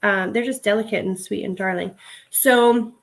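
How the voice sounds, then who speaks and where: A chatty woman talks through her work on a casual live stream, going through jewelry and gushing over the cute pieces. Her pitch sits in an ordinary middle range, and keys clatter softly behind her. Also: steady tone, a little fast, gravelly. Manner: chatty, gushing over items, reads viewer comments. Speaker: reseller livestream host.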